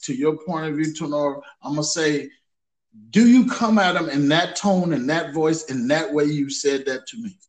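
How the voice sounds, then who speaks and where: A man's voice: a little high, normal speed, echoey room, rough recording. A man co-hosting a podcast chat, blunt and frank, repeating his points for emphasis. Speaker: podcast co-host. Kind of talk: candid casual chat.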